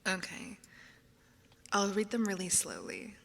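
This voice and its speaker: A woman streaming ASMR into a binaural mic, chatting softly, often whispering and giggling as she reads out questions. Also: mid-range voice, big pitch swings, unhurried, gravelly, long reverb tail, a little hiss or hum. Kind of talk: soft whispered stream chat. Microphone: binaural microphone.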